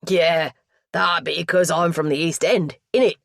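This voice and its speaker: Cheeky young Cockney man, loud and chatty, lower than the narrator's own voice; a woman doing him in an audiobook. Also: steady tone, unhurried, creaky, no echo, studio quality. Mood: cheeky banter. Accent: East London (Cockney). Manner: cheeky, loud, drops into thick slang. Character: cheery young male mortuary assistant, chatty.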